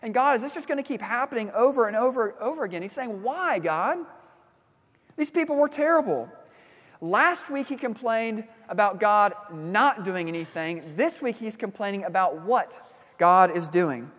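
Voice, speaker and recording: A man preaching a sermon as pastor, telling a personal story in a relaxed, conversational way with fillers and restarts. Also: high-pitched, moderate pace, in a large hall.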